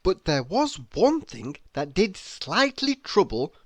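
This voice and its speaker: A man reading a children's picture book aloud in a slow, expressive storytelling voice. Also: high-pitched, dry recording. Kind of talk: children's read-aloud narration.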